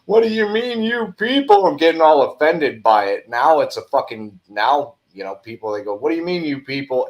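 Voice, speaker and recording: Rambling man hosting in a roomy space. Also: fairly low pitch. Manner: rambling, full of "like" fillers and chuckles. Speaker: livestream host. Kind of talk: casual livestream chat. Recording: roomy echo.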